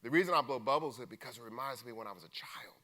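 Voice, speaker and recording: A man quoting a tall, gentle prison inmate who speaks softly and calls him "man" and "bruh". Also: mid-range voice, rapid-fire, close to an everyday voice. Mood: earnest. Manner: soft-spoken, calls the listener "man" and "bruh".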